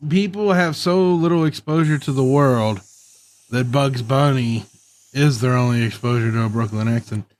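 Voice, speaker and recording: A man co-hosting a relaxed podcast, answering in a laid-back way with short, wry remarks. His voice sits at a middling pitch. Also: normal speed. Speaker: podcast co-host. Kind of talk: casual chat.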